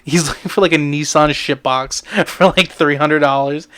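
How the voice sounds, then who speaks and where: A man's voice: fairly high pitch, steady tone, normal speed, sharp tone, clean tone. A man co-hosting a casual movie podcast, chatting loosely with lots of fillers and frequent laughs. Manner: laughs often, many fillers. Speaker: podcast co-host. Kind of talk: casual movie review chat.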